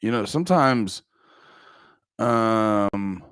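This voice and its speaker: A man's voice: lowish voice, lively intonation, very slow, a bit bright, smooth, no echo, studio quality. A man hosting a livestreamed podcast, chatting loosely and profanely with his viewers and sounding a little groggy. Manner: rambling, profane, talks to chat. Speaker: podcast host. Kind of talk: casual livestream chat.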